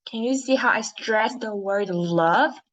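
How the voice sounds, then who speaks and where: A woman teaching an online English class, with a Chinese accent. She speaks slowly and clearly and keeps asking her pupils questions. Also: mid-range voice, a bit bright. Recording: dull lo-fi audio.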